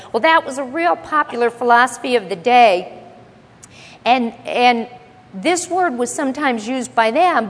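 A woman's voice: on the high side, long reverb tail. A woman teaching the Bible to a congregation, emphatic and explaining word by word, often asking the audience questions.

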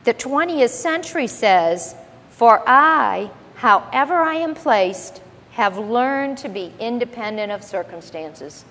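A woman's voice: on the high side, lively intonation, takes it slowly, fairly bright tone, big-room sound. A woman teaching the Bible to a congregation, emphatic and explaining word by word, often asking the audience questions.

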